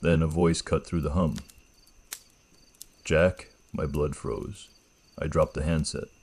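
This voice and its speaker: Male horror narrator, very low and husky, grave measured delivery. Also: fairly even intonation, darkish tone. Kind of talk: first-person horror story narration.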